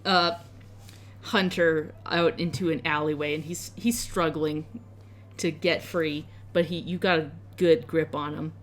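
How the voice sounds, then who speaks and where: A woman's voice: deep voice, steady tone, a little slow. Casual woman narrating as dungeon master. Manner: casual, filler-heavy narration. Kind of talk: narrating a tabletop game.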